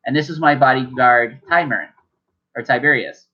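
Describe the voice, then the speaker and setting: A man's voice: mid-range voice, normal speed, muffled recording, close to an everyday voice. A man voicing a polite, formal male traveler in white robes at a tabletop game, speaking with stiff old-fashioned courtesy. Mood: courteous.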